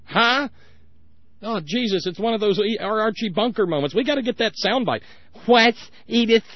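A man's voice: high voice, animated, fairly quick, no room sound, highs cut off. Sarcastic ranting male radio talk host. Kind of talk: political call-in radio commentary.

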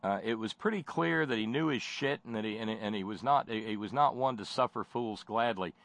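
A man's voice: lowish voice, a little fast, vocal fry, fairly bright tone, dry recording. A man giving sardonic spoken commentary, mocking and rambling with many fillers and false starts.

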